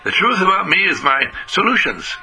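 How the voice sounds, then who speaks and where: Man, inspirational radio talk, slightly high voice, gravelly fry, faint music behind, radio sound. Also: normal speed, low-quality recording. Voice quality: animated, sing-song emphatic delivery. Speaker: spiritual speaker.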